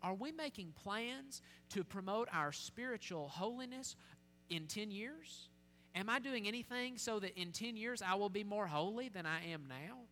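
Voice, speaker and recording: A man delivers a sermon in a high, bright voice, circling back to earnest rhetorical questions. His voice rings out with a long hall reverb, and a faint hum sits underneath. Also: expressive, normal speed. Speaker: preacher.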